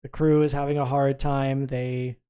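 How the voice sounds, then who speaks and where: A man's voice: mid-range voice, level tone, warm tone, clean tone. A man acting as game master, calling for dice rolls and narrating what happens. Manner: brisk, calls for dice rolls and narrates results.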